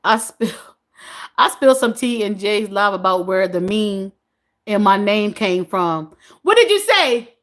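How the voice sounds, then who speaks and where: A woman's voice: medium pitch, steady tone, unhurried. A woman in her forties hosting a casual livestream, reading viewers' comments aloud, laughing often and repeating their names. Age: 40s. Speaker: livestream host.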